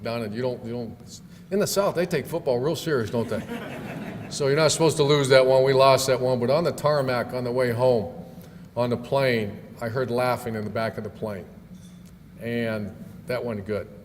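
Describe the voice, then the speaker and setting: A man's voice: medium pitch, normal speed. A middle-aged man, a football coach, telling stories in a speech at a club event, folksy with fillers and restarts. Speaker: guest speaker, football coach. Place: banquet hall. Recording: long hall reverb, faint room noise.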